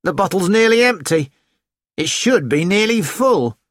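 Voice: medium pitch, animated, unhurried, no echo, clean studio sound, pitched above the performer's own voice. A reader voicing a thin, mischievous young male student who likes annoying people, in an audiobook. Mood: teasing. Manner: teasing, flippant. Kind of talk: audiobook character voice.

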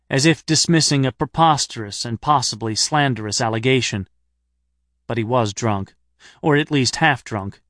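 A middle-aged man reading an audiobook aloud, wry and deadpan in his humor. His voice sits at an average male pitch, recorded dry and close with no room sound. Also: moderate pace, no room sound. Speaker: narrator. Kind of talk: scripted audiobook narration.

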